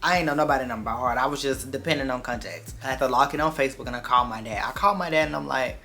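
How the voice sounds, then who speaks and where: A man vlogger telling a dramatic personal story in an animated, profane, emphatic way. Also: medium pitch, racing, soft background music. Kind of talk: storytime vlog.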